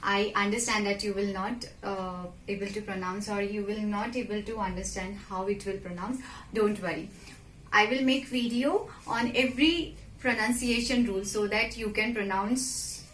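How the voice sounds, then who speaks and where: A woman teaching a simple French lesson, slow and patient, often checking with the listener. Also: fairly high pitch, fairly bright tone. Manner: slow and patient, repeats and checks with "okay?" and "right?". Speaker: French teacher, channel host. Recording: echoey room with faint background noise.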